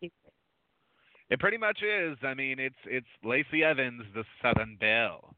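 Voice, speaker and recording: Easygoing male host, smooth clear voice, dry phone-line sound. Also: mid-range voice, sing-song, measured pace. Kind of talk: casual chat.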